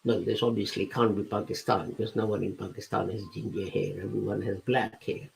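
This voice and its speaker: A religious lecturer speaks fairly quickly in a low-leaning, creaky voice with a level tone, recorded on poor audio. His talk explains scripture patiently and methodically through everyday examples, marked by occasional hesitations and self-corrections.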